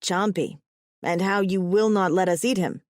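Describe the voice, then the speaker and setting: A woman's voice: on the low side, normal speed, no room sound, clean studio sound, close to an everyday voice. A woman voicing a teasing, playful alien brother. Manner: joking and teasing.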